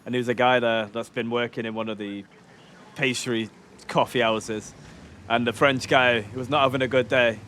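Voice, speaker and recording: A young man from the United Kingdom chats casually while streaming a game. He mutters to himself in a dry, laid-back way. His voice sits at an ordinary middle pitch. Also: steady tone, normal speed, a bit bright, a little hiss or hum. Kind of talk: casual gaming stream chat.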